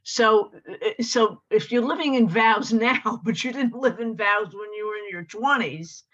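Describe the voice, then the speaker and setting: A woman's voice: fairly high pitch, a bit bright. Hesitant woman on a muffled call. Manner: hesitant, halting with fillers. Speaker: student asking a question. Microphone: video call. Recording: dull lo-fi video call audio.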